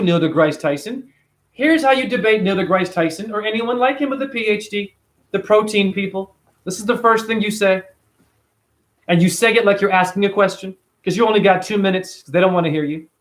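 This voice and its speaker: High-voiced, emphatic man vlogging. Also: moderate pace. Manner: emphatic and animated, with casual swearing. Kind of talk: casual vlog monologue.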